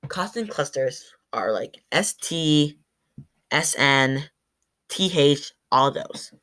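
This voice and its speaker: Speaking slowly in a low, fairly bright voice with lively intonation, a woman presents to her class as a student. She demonstrates sounds through sample words spoken aloud, stumbling and self-correcting at times.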